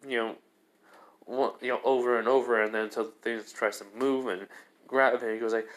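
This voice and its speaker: A man's voice: mid-range voice, fairly even intonation, normal speed, fairly bright tone. Rambling man retelling a fan story. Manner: rambling, heavy fillers and restarts. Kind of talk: casual fan-story narration.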